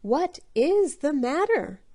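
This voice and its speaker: A woman's voice: high voice, very animated, slow pace, warm tone, pitched above the performer's own voice, heavily acted. A woman reads a father bear in a children's storybook. He asks questions and gives firm orders in a slightly raised voice. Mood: puzzled.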